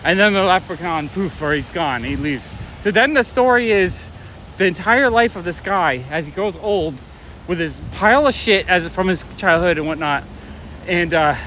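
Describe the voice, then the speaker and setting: A man's voice: fairly high pitch, pushed and bright. A middle-aged man vlogging while walking outdoors, telling rambling stories and chatting with viewers as traffic passes. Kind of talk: casual walking livestream chat. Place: city street outdoors. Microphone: phone or camera carried while walking. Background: traffic and street ambience.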